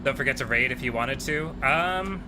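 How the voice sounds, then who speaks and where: A man's voice: medium pitch, normal speed, noisy background. A man chatting with his viewers on a livestream while driving in a game, rambling on easygoing and sleep-deprived.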